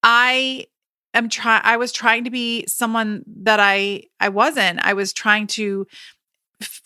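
A woman's voice: mid-range voice, pushed and bright, no room sound, studio quality. A woman in her thirties hosting a podcast on her own, talking casually and emphatically with many restarts and quoted asides. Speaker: podcast host. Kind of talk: casual solo podcast talk.

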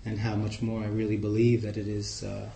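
A man with a New York accent, giving a relaxed, chatty talk to a group as guest speaker. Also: fairly low pitch, a little fast, vocal fry. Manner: relaxed, chatty, warm humor. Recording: echoey room.

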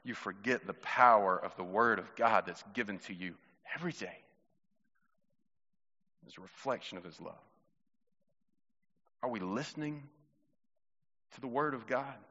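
Male pastor, bright tone, chatty sermon delivery, muffled recording from a hall with a long echo. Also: lowish voice, a little slow, long pauses. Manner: conversational, storytelling, addresses congregation directly.

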